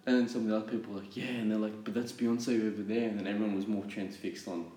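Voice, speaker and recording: A man's voice: lowish voice, steady tone, racing, mellow. An Australian man telling a story in casual chat, rambling with lots of fillers and laughing asides. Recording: roomy echoey room.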